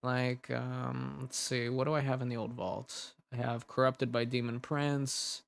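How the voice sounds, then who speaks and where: A man's voice: mid-range voice, level tone, unhurried, vocal fry. A young man, an audio drama creator, chatting casually and brainstorming ideas, rambling and laughing as he cuts himself off. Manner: rambling, giggly, self-interrupting.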